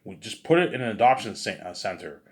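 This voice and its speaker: A man's voice: on the low side, big pitch swings, fast talker. A man voicing a worried, practical wife who anxiously questions and reasons, inside a spoken story. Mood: reasoning.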